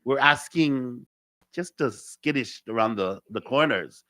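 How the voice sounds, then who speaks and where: A man's voice: mid-range voice, animated, a little slow, sharp tone, dry recording. A man from Hawaii, a cultural teacher, giving a spiritual talk with stories; he repeats key phrases and acts out conversations.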